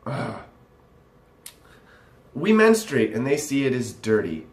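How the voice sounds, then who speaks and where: A man's voice: medium pitch, wildly swooping pitch, takes it slowly. Sarcastic, profane young man ranting. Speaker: vlogger. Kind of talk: ranting commentary reacting to a text. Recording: echoey room.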